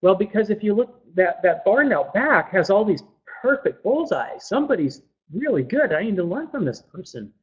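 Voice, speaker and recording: A man pitches his voice up for an eager young archer, asking polite questions in a raised, hopeful tone. The sound is dull and lo-fi, like laptop audio. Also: very animated, normal speed. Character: eager young male archer seeking a teacher.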